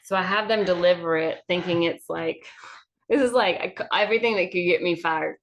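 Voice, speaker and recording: A woman's voice: on the low side, dull audio. A woman from Georgia with a Southern accent, a comedian telling a chatty, profane story over drinks. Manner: chatty, profane, quick anecdotes. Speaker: comedian guest.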